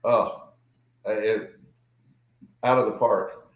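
An American man co-hosting a casual podcast chat over a video call, enthusiastic and quick to repeat his praise. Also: fairly low pitch, steady tone, roomy sound, poor audio. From United States.

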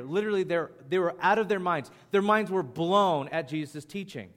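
Guy preaching a sermon, kinda high voice, animated and chatty. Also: brisk. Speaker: pastor.

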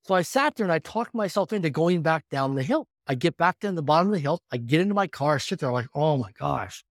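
Man in his fifties, podcast guest, quick and lively storytelling, slightly high voice, dry sound. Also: no room sound. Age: 50s. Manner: energetic, animated storytelling. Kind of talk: storytelling in conversation.

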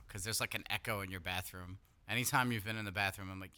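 A man co-hosting a podcast, excitable and swearing freely in casual chat. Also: lowish voice, fast, few pauses, smooth. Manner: excitable, swears, laughs easily. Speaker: podcast co-host.

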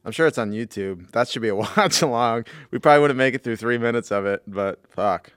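A man co-hosting a podcast in casual chat, laughing often and breaking into loud impressions. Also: mid-range voice, animated, a little fast, clear, resonant tone, no echo, clean studio sound. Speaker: podcast co-host.

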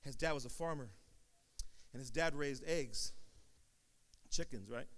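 A man preaching a sermon, telling a story in a calm low voice and then building up to sing-song shouted climaxes. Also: measured pace. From Sacramento area.

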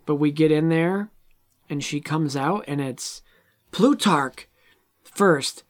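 A man with a slightly high voice talks slowly in a casual movie discussion. He retells the film's scenes animatedly, acting out the characters' lines.

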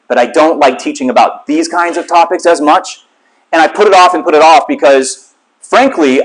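A man's voice: a little high, poor audio. Candid man telling a story. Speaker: lay teacher. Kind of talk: storytelling sermon.

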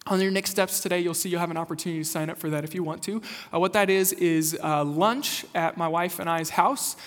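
High-voiced pastor preaching in a reverberant hall. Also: male voice, fairly quick. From rural Kansas. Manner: conversational, animated, asks the congregation questions. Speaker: lead pastor. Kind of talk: sermon. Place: church sanctuary.

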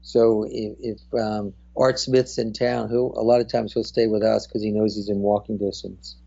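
A man from New Jersey with a New Jersey accent, a guest in a casual interview, speaking haltingly with many fillers. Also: lowish voice, level tone, creaky, dark tone, breathy edge, highs cut off. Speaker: guest, hotel representative.

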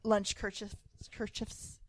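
A young adult woman co-hosting a podcast in casual chat, animated and giggly, filling her talk with "like". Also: medium pitch, takes it slowly, no room sound, studio quality. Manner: animated, giggly, lots of "like" fillers. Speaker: podcast co-host.

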